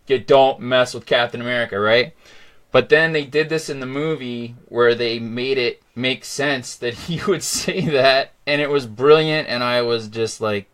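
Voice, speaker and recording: A middle-aged man hosting a casual movie chat, excitable and rambling. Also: medium pitch, measured pace. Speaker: podcast host.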